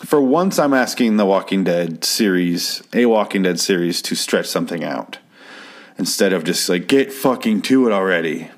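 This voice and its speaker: A man's voice: deep voice, moderate pace. A man recapping a TV episode in a rambling, sarcastic way, swearing freely. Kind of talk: casual profane recap.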